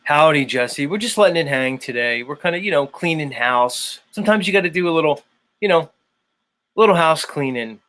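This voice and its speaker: This man's voice runs on the high side, a bit bright, with lively intonation and a moderate pace. He hosts his own online show, rambling casually through a livestream chat full of fillers.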